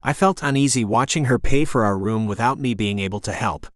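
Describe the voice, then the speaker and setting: A male audiobook narrator reading a first-person romance in a steady, measured way. His voice is middle in pitch and sits dry and close to the mic with no room at all. The delivery is even and clear. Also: dry recording. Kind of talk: scripted narration.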